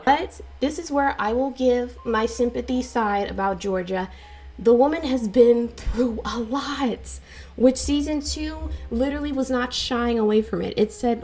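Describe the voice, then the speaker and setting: Chatty high-voiced woman reviewing a show. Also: moderate pace, faint music behind. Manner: chatty, animated, dramatizes with quoted voices. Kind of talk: casual review vlog.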